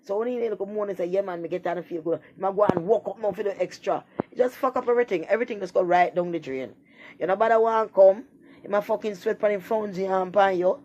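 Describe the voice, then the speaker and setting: A woman's voice: medium pitch, fast talker, darkish tone, a little hiss or hum. Blunt woman, dull lo-fi audio. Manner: blunt, profane, rambling. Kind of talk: casual monologue.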